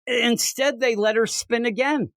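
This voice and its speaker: A man's voice: very high-pitched, measured pace, smooth, no echo. A man co-hosting a comic book podcast, recapping issues in casual chat and acting out the dialogue. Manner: animated, acts out dialogue in voices.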